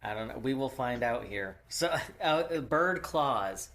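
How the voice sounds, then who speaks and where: A man co-hosting a casual podcast at an unhurried, slow pace. He keeps breaking into laughter and halting with fillers as he reads out his notes. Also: mid-range voice, expressive, a crowd in the background. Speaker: podcast co-host. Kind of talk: casual chat. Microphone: podcast microphone.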